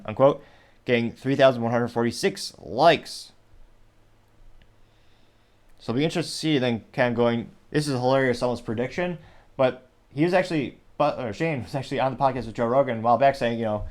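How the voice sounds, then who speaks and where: A man's voice: mid-range voice, animated, normal speed, long pauses. A man hosting a casual commentary show, reading social media comments aloud with wry, rambling asides and frequent self-corrections. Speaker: host.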